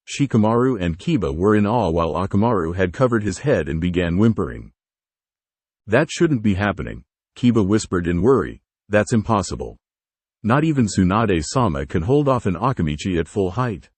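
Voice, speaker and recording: Husky low-voiced man reading a story. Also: darkish tone, no echo. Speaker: fanfiction reader. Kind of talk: narrated reading of fan fiction.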